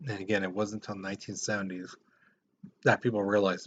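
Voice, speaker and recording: A man's voice: on the low side, flat delivery, fairly quick, fairly bright tone, husky. A man teaching a history lesson in a casual, conversational way, often repeating words as he explains. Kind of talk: classroom lecture. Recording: slightly dull lo-fi recording.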